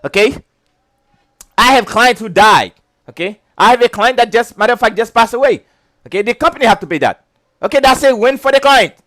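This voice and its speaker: Man, very high voice, animated pitch, casual chatty lecture. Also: brisk, no echo. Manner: chatty, keeps checking "okay?", breaks into giggles. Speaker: insurance licensing instructor.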